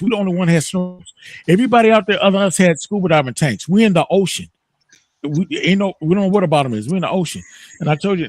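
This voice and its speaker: A man spins a story on a morning talk show, his voice sitting a bit high. He talks loose and profane, breaking into loud laughs. The sound is close and dry, with no room echo. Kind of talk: casual chat.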